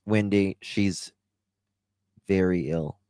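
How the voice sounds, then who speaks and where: A tired livestream host with a drawl talks loosely to his chat and reads out names. His voice sits very low. The sound is dry and close to the mic. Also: slow pace, mellow, clean tone, dry recording. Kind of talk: casual livestream chat reading comments.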